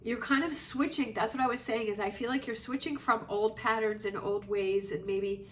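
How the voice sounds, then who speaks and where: A woman's voice: fairly high pitch, fairly even intonation, normal speed. A woman giving a tarot reading, talking in a reflective, reassuring, rambling way with many fillers. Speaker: tarot reader. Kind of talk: casual tarot reading monologue. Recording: slightly distant mic with faint noise.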